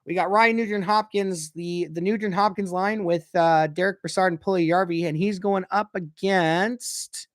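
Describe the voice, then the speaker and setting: A man giving casual play-by-play of a hockey game as a fan, excitable and quick to swear, breaking into shouts when his team scores. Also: high-pitched. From Canada. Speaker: fan commentator. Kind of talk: casual play-by-play watch-along.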